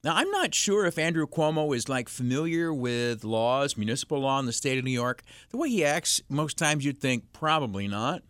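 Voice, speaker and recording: Alone in the radio studio between calls, a call-in show host riffs in a rambling, sarcastic monologue, jumping into mock voices. His voice is a little high and fairly bright, very animated, a little fast with hardly any pauses. There's no echo.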